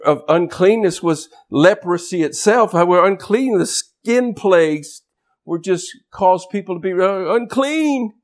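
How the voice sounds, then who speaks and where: A man preaching a sermon as pastor, swinging from loud shouted emphasis to quiet, low asides.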